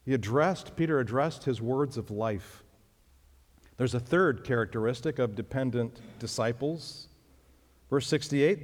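A man preaching a sermon as pastor, emphatic and leaping up in pitch on key phrases. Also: a little mellow. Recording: long reverb of a hall.

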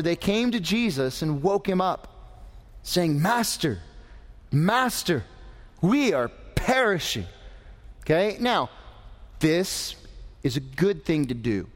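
A man's voice: on the high side, expressive, slow pace, pauses often. A man preaching a sermon in a conversational way, adding joking asides to his congregation. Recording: long hall reverb.

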